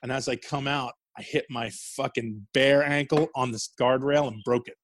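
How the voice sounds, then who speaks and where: A man's voice: mid-range voice, steady tone, moderate pace, no echo. A man telling wrestling stories in a casual interview, swearing freely and laughing as he goes. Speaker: guest, former wrestler.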